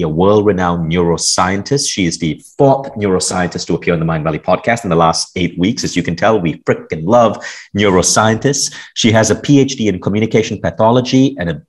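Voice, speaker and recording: A man hosting a podcast, with a very deep, low voice. He talks enthusiastically and quickly as he introduces his guest. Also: expressive. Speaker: podcast host. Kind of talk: podcast interview.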